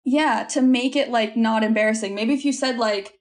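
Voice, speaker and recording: A woman's voice: fairly high pitch, normal speed. A woman from Canada guesting on a podcast over a remote call, chatting and joking in a bubbly way. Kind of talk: casual podcast chat over a video call. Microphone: headphones, remote call.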